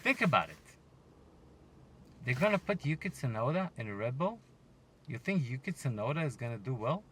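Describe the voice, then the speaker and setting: A man hosting a casual solo podcast, ranting, joking and swearing, with loud outbursts. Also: mid-range voice, sing-song, moderate pace, long pauses, a little hiss or hum. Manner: swearing, joking and heckling the listeners. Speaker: podcast host.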